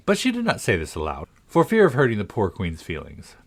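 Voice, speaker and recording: Expressive man reading a storybook. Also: on the low side, a little fast. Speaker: storybook reader.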